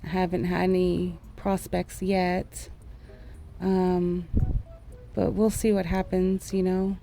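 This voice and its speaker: A young woman talks slowly and candidly in a casual art vlog, rambling through her frustrations in a mellow, warm voice. Her pitch sits in a middle range, and faint music plays underneath. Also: flat delivery, gravelly. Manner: frank, rambling, frustrated venting. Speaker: art vlogger and former school teacher. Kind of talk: candid casual chat over drawing. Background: faint background music.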